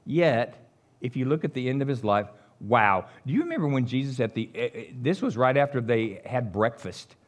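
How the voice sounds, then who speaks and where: Animated preacher man. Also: medium pitch, moderate pace. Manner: animated storytelling with chuckles. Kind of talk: sermon.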